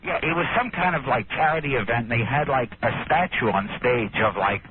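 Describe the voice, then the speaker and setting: A male comedian calling in by phone, stammering and joking in a deadpan way. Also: medium pitch, brisk. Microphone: telephone line. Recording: tinny phone line with noise.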